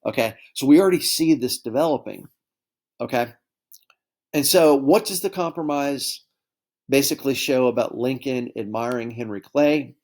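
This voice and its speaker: A man teaching a history lesson in a relaxed, conversational way, often checking in with his students. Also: medium pitch, moderate pace. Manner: conversational, keeps addressing students as guys with frequent okay and right checks. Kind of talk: classroom lecture.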